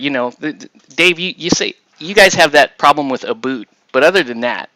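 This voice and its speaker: A man's voice: a little high, lively intonation, a little fast, few pauses, pushed and bright, no room sound, rough recording. A man hosting a casual chat while assembling miniatures, rambling and chuckling as he trails off and restarts. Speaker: host.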